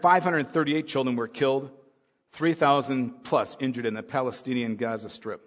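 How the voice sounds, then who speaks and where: Man preaching in an echoing hall. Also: medium pitch. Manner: swings from soft musing to loud urgent preaching. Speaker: pastor. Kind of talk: sermon. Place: church hall. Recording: long hall reverb.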